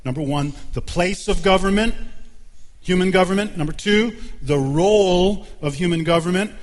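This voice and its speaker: A male pastor delivering a sermon with emphatic, measured preaching and deliberate pauses, in a church sanctuary. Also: high voice, long reverb tail.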